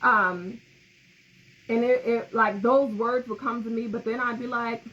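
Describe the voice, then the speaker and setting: On a slightly muffled recording with faint background noise, a woman co-hosting a grief podcast speaks openly and with feeling, often laughing and reading listener comments. Her voice is a little high and fairly bright, with fairly even intonation and a measured pace.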